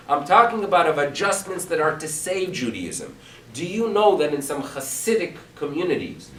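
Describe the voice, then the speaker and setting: A man, a rabbi, teaching a class to a congregation, lively and full of rhetorical questions. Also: a little high. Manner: animated, asks rhetorical questions. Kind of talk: lecture to a congregation. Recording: echoey room, mic at a distance.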